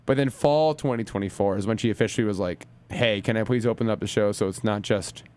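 A man co-hosting a college radio show, chatting in an excitable way and often trailing off into asides. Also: fairly low pitch, fast talker. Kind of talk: casual radio chat.

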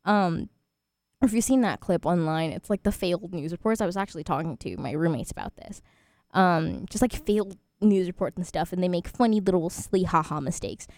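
A woman's voice: lowish voice, fairly quick, darkish tone, no room sound, studio quality. A twenty-year-old woman hosting a student radio show, chatting casually and rambling with frequent laughs. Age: 20s.

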